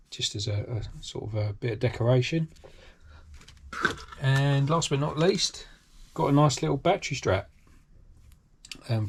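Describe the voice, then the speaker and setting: A man's voice: medium pitch, a little mellow, slight background noise. A British man hosting a hobby channel, talking casually through an unboxing with lots of ums and restarts. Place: home workshop.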